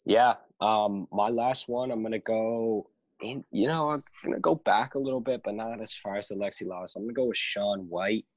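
A man's voice: lowish voice, moderate pace, dry recording, low-quality recording. A man co-hosting a casual podcast, rambling through his picks. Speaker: podcast co-host. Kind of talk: casual chat.

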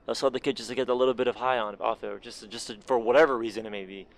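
A man's voice: mid-range voice, fairly even intonation, rapid-fire. A man co-hosting a casual podcast, rambling and swearing, laughing often. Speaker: podcast co-host.

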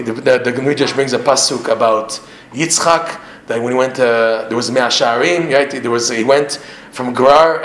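A man teaching a religious class to his regular students, animated, firing off rhetorical questions and often repeating himself. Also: medium pitch, slight background noise. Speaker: Torah teacher. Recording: echoey room, faint ambience.

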